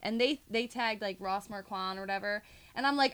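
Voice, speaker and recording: A woman's voice: mid-range voice, a little fast, a bit bright, clean tone, dry recording. A woman co-hosting a podcast, chatting casually, giggling often and trailing off mid-sentence. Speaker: podcast co-host. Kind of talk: casual chat.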